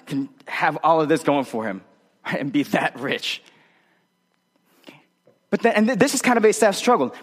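Conversational male pastor in echoey hall. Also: on the high side. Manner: conversational, frequent tag questions. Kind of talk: sermon.

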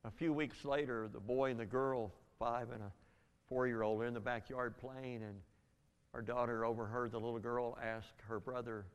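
An older man giving a spoken testimony, telling a story earnestly with halting restarts. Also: medium pitch, flat delivery, clear, resonant tone, lo-fi sound. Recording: long reverb in a large hall.

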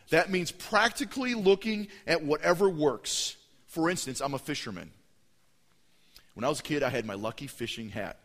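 A young man preaching a sermon, telling stories with lively acted-out voices. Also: on the high side, a little fast. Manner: animated storytelling, acting out voices. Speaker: pastor. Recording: long hall reverb.

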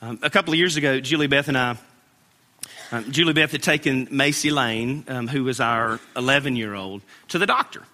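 A man's voice: medium pitch, fairly quick, sharp tone. A man preaching a sermon as pastor, earnest and storytelling, building to emphatic peaks. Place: church sanctuary. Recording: long reverb in a large hall.

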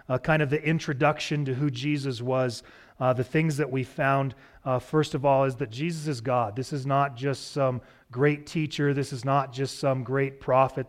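A man preaching a sermon as pastor in a church sanctuary, relaxed and cracking light jokes to the congregation. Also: medium pitch, measured pace. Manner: relaxed, joking asides to the congregation.

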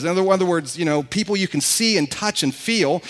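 A man preaching a sermon to a congregation, excitable and animated, who says he gets worked up and talks fast. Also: on the high side. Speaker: pastor.

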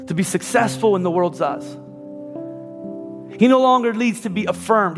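A man with a high voice preaches a passionate sermon, slipping into the voices of his listeners and of Bible figures. His voice rings out through a large church hall with a long reverb, and soft instrumental music plays underneath. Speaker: pastor. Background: faint instrumental music.

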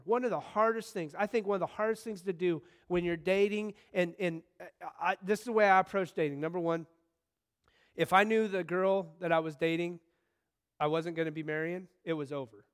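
High-voiced animated male preacher. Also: clean tone. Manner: conversational, animated storytelling with sudden bursts of excitement. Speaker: pastor. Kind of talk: sermon.

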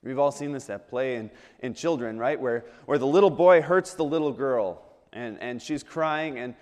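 Preacher with long hall reverb. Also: male voice, medium pitch, normal speed, a little mellow. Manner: conversational, asks the audience rhetorical questions, repeats words when restarting. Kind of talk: sermon.

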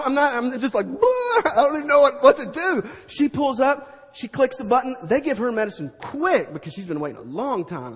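A middle-aged man preaching, telling a story to a crowd with animated sound effects and a husky voice. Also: high-pitched, in a large hall. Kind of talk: storytelling sermon.

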